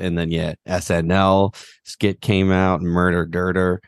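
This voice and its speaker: A man's voice: low-pitched, flat delivery, unhurried, smooth, no echo, clean studio sound. A man co-hosting a podcast, talking in a laid-back, joking way. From Delaware County, Pennsylvania. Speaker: podcast co-host. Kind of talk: casual podcast chat.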